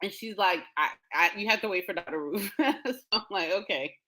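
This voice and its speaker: A woman hosting a show, telling a personal story in a casual, animated way with frequent laughter. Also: mid-range voice, fairly quick, poor audio. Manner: animated, laughing often, quotes others in dialogue. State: emotional, near tears. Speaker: podcast host.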